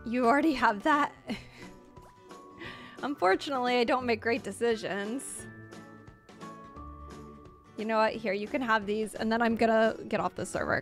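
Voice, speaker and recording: A high-pitched woman in her late twenties talks through a live game stream, rambling and laughing nervously. She sounds flustered and uneasy, with faint music running underneath. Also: normal speed, long pauses, a bit bright. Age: 20s. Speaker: Roblox streamer. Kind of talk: live gameplay stream chat.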